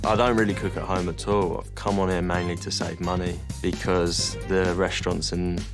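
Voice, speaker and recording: Low-voiced young man, terse answers. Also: little pitch movement, normal speed, over music. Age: 20s. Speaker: celebrity contestant. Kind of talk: casual interview chat.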